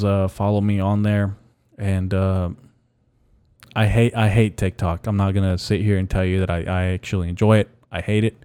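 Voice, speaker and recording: A man's voice: fairly low pitch, a little mellow, clean tone, no room sound, studio quality. A young man hosting a solo podcast, ranting bluntly with heavy swearing and frequent repeats. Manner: blunt, profane, repeats himself. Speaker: podcast host. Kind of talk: casual solo podcast rant.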